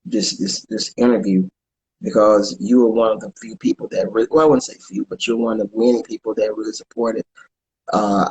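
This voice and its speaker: A man's voice: fairly low pitch, a little mellow, rough recording. A man, a comedian and podcast co-host chatting casually in an interview, often stumbling and repeating words. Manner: halting, repeats words, plugs his show.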